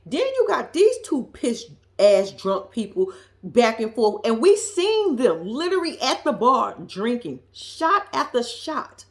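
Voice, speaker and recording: A woman's voice: a little high, sing-song, a little slow. A woman recapping a reality show episode for her viewers, blunt and profane, calling out the people on screen. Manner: blunt, profane, sassy, talks straight to viewers. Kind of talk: casual recap commentary.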